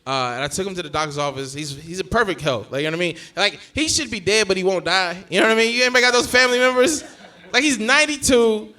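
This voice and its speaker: Young male stand-up, high and bright, lively, acts out his relatives. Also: fast. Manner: animated storytelling, acting out family members. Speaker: stand-up comedian. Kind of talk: stand-up set.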